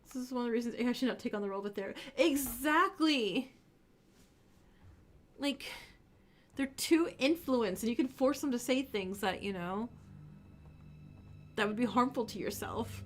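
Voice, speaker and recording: A woman streamer giving casual, animated let's-play commentary and laughing often. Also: on the high side, normal speed, long pauses, soft background music. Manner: giggly, animated reactions.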